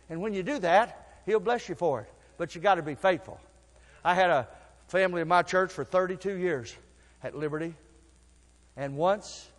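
Older man, pastor preaching, high voice, folksy stories, bursts into shouting, long church reverb. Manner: folksy storytelling, swinging from low asides to shouted exhortation. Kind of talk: sermon.

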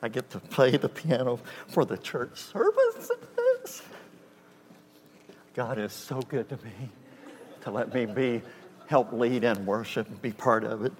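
A man preaches a storytelling sermon at an ordinary mid pitch. He acts out little scenes and keeps asking the congregation if they hear him. His voice rings in a long hall reverb over a faint hum. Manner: conversational, acts out dialogue, asks the congregation.

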